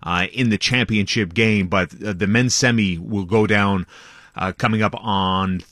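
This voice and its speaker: A man's voice: on the low side, steady tone, a bit bright, dry recording. A man reporting sports on a radio morning show in a loose, chatty way, from a studio microphone. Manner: chatty, loose, quick asides. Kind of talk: casual radio sports chat.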